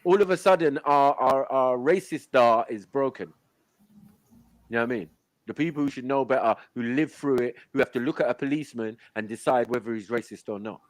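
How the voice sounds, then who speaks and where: A man's voice: brisk, no room sound. Emphatic man on a dry live panel. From London. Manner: emphatic, drops to low murmurs, frequent "you know what I mean". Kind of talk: casual live panel chat.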